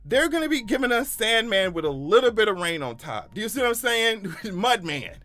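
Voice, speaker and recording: A man giving casual comedic commentary on a news story, animated and profane, laughing often as he talks. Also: high voice, moderate pace. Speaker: YouTube commentator.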